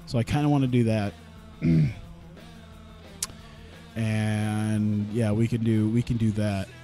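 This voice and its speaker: A man's voice: fairly low pitch, steady tone, takes it slowly, mellow, faint music behind. A man casually commenting on his own gameplay as a streamer, rambling and cutting himself off, laughing at his own jokes. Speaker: gaming streamer.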